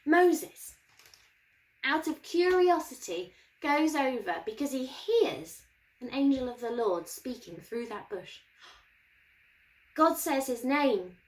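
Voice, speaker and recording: A woman's voice: high voice, expressive, slow pace, pauses often, low-quality recording. A woman presenting a children's Bible lesson for her church, with a playful, encouraging way of talking.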